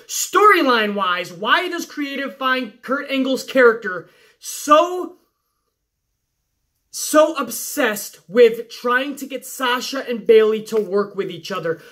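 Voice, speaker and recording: A woman's voice: on the high side, fairly bright tone. A woman reviewing a wrestling show in a sarcastic, exasperated rant full of swearing. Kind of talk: profane recap rant.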